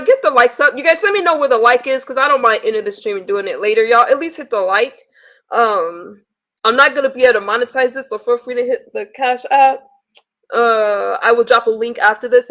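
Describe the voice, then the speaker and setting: A woman's voice: fairly high pitch, brisk, a bit bright. A woman on a live stream, bluntly venting with heavy swearing and reading messages aloud to her viewers. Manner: blunt and profane, exasperated. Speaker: livestreamer.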